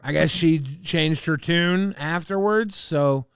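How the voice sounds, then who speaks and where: A man's voice: on the high side, slow pace, noisy background. A man co-hosting a livestream, talking casually, defensive and emphatic with profanity. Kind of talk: casual stream chat.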